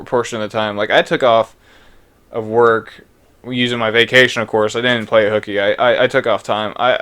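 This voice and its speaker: Smooth-voiced young man narrating gameplay. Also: mid-range voice, a bit bright. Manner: rambling, reads game text aloud; loose, with frequent restarts and fillers. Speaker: let's play gamer. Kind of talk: casual gameplay commentary.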